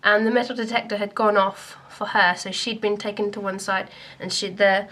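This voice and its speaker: A woman's voice: mid-range voice, steady tone, moderate pace, fairly bright tone. A young woman from Scotland, talking to camera in a chatty, self-deprecating vlog. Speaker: YouTuber.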